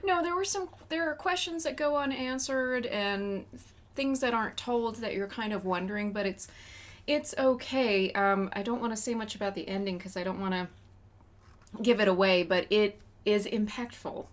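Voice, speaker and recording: A woman co-hosting a podcast, chatting casually about movies in an animated way and laughing often. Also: medium pitch, moderate pace. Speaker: podcast co-host.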